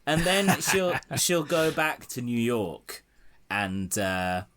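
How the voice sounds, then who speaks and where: A man's voice: mid-range voice, very animated, takes it slowly, fairly bright tone. A man hosting a casual political chat, sardonic and swearing freely. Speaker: podcast host.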